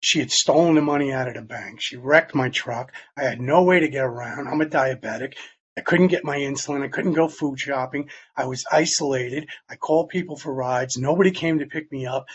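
A man telling a personal story in plain, halting words, sometimes dropping almost to a whisper. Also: medium pitch, highs cut off, slight background noise. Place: Long Island, New York.

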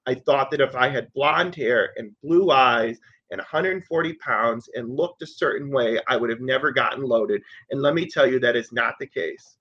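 In his thirties, a man at a recovery meeting shares his personal recovery story, earnest and conversational, repeating points for emphasis. His mid-range voice has a breathy edge and moderate pace, heard through muffled, lo-fi audio.

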